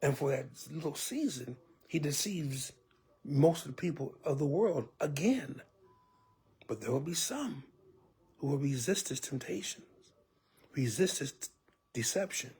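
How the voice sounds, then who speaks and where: A man preaching a sermon as a church elder, telling it vividly and dropping often to a hushed whisper with pleading asides. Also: mid-range voice, husky.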